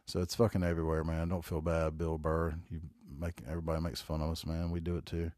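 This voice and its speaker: Very deep and darkish, this forties-aged podcast host's voice runs fast with completely flat delivery, captured in a dry, studio-quality recording. He has a Southern North Carolina accent and rambles profanely through laid-back stories on his solo show.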